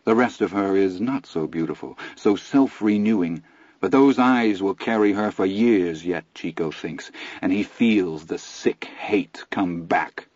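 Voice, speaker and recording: A man narrating a novel aloud in a measured, even storytelling delivery. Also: low voice, no room sound, muffled recording. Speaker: audiobook narrator. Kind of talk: scripted narration.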